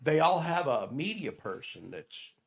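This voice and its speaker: Middle-aged male radio host, lively storyteller who slips into characters, pitch bouncing all over, a bit high. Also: measured pace, creaky. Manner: animated storyteller acting out voices, laughing. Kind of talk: storytelling in a podcast interview.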